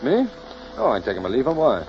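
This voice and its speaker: A man's voice: medium pitch, quick pace, soft background music. An actor playing an eager young male newspaperman in an old radio drama. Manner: breezy, lively. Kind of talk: 1940s radio acting. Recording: muffled old radio recording with hiss.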